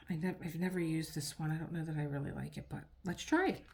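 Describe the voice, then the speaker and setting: Gravelly-voiced woman chatting while crafting. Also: sits low, steady tone, fast, darkish tone. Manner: rambling, chatty, talks to herself as she works. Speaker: diamond painting vlogger. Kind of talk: casual chat while crafting.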